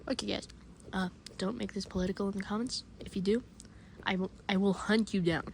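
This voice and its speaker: A performer voicing a bratty, loud male shark puppet, playing a game and bossing it around with comic commentary. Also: medium pitch, steady tone, a little fast, gravelly, a little hiss or hum, close to an everyday voice. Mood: sly. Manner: shouty, bossy, jumps between mutters and yells. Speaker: game player and channel host. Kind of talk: comic let's-play commentary.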